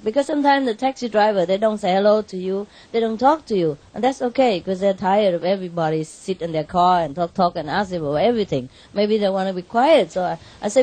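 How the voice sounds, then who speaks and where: A woman telling an animated story to an audience in non-native English, laughing often and lifting her voice for her own quoted words. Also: mid-range voice, a little fast. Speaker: spiritual teacher addressing an audience.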